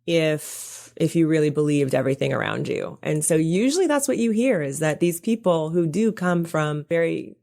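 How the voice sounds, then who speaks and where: A woman's voice: sits low, expressive, moderate pace, gravelly, hardly any pauses, darkish tone. A woman coach speaking as a podcast guest, earnest and reassuring, explaining her ideas with examples. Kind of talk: casual interview chat.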